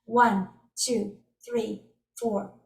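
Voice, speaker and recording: A woman's voice: medium pitch, flat delivery, extremely slow, gravelly. Woman guiding a tapping session, echoey. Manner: encouraging, speaks example phrases aloud. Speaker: energy healing teacher. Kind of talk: guided tapping demonstration. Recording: echoey room, far from mic.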